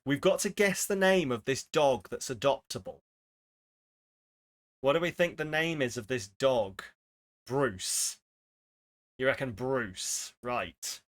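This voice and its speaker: A man's voice: medium pitch, expressive, slow, long pauses. A man streaming live, chatting casually with his viewers and swearing freely while he plays word games. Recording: faint music behind.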